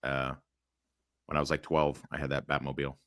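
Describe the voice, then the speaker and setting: A low-voiced man hosting a loose movie watch-along, crude and joking, often trailing off on fillers. His tone is bright and forceful, recorded dry and close. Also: level tone, a little fast, clean tone, dry recording. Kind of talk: casual watch-along chat.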